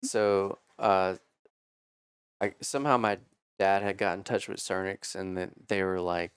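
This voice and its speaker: Man, 30s, low smooth voice, dry close sound; casual storyteller who curses and acts out quotes. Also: measured pace, no echo. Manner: animated, swears freely, acts out quotes. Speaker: podcast guest telling racing stories.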